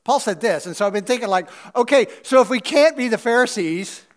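A pastor giving a casual, conversational sermon. His delivery is animated and swings from loud emphasis to quiet asides. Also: very high-pitched, a little fast. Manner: chatty, with fillers and asides.

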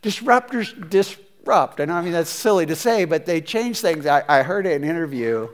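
A man preaching a conversational sermon, chatty and animated, with hesitant restarts as he talks. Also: a little high, fairly quick. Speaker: pastor.

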